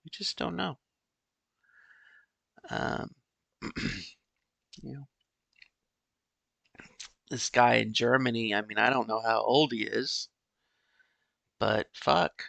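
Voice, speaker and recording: A middle-aged man hosting a podcast alone, musing in a halting, rambling way with many "you know"s and restarts. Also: medium pitch, steady tone, vocal fry, fairly bright tone, dry recording. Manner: wistful, resigned musing. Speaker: podcast host. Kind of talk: casual solo monologue.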